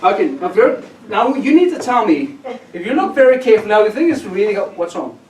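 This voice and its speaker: A high-voiced man works a theatre crowd as a comedy magician, playful and teasing, his pitch bouncing all over. He sounds far from the mic, and the hall echoes around him. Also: big pitch swings, a little fast, a little mellow, slight background noise. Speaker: magician performing on stage. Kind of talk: comedy magic act with audience banter. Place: theatre stage before an audience. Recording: roomy echo from far off.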